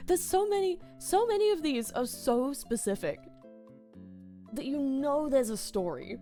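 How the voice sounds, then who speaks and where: A woman's voice: a little high, sing-song, measured pace, a little mellow, soft background music. Giggly woman streamer reacting. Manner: giggly, playful quips. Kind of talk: casual reaction chat.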